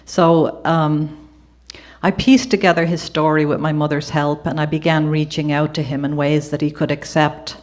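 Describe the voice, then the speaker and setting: An Irish woman reads from her memoir before an audience at a gallery event, switching between reading and chatty, conversational storytelling. Her low voice is level and moderately paced, with warm asides and occasional laughter.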